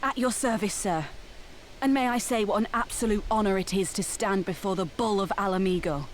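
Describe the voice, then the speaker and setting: A woman's voice: mid-range voice, a little fast, close to an everyday voice. A woman plays a young female resistance fighter, eager and admiring, with a mid-range voice. She speaks formally and with deference, over a faint hiss of noise. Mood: deferential.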